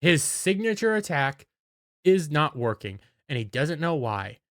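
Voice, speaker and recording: A man's voice: a little high, sing-song, a little slow, fairly bright tone, no room sound, clean studio sound. A man giving a casual, enthusiastic episode recap as an anime reviewer, often stumbling over his words.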